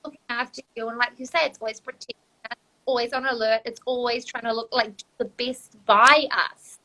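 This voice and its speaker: A woman's voice: a little high, flat delivery, brisk, pushed and bright, low-quality recording. A woman hosting a casual interview, eager and agreeable as she shares her own view. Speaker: host, nutritionist.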